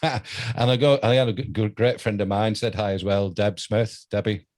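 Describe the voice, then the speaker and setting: Man in his sixties, british accent, radio host, chatty storyteller, lowish voice. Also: fairly even intonation, moderate pace, a little mellow. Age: 60s. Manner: chatty anecdotal storyteller, laughs often. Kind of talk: casual interview chat.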